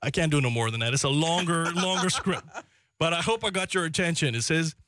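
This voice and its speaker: A man with a Caymanian accent hosting a live radio talk show, effusive and animated. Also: a little high, brisk. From Cayman Islands. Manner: effusive, repetitive thanks, animated. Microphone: studio microphone.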